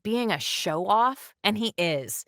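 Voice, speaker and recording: A woman who works as a dub director, chatting animatedly and enthusiastically in an interview, with quick asides. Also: medium pitch, animated, a bit bright, no room sound, clean studio sound. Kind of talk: casual interview chat.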